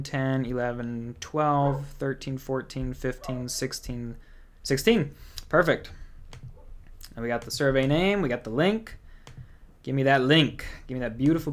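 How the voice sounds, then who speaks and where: A young man hosting a casual music livestream, rambling in a chatty way and reading out viewer comments. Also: medium pitch. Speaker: music channel host.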